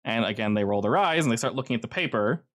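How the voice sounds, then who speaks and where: A man narrating as game master in a casual, animated storytelling manner. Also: medium pitch, fast.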